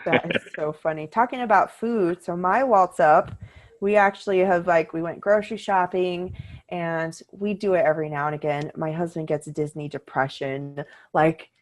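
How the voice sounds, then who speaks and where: A woman's voice: lowish voice, moderate pace. Chatty, upbeat middle-aged woman podcaster. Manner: chatty and upbeat, animated storytelling. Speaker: podcast co-host. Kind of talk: casual chat.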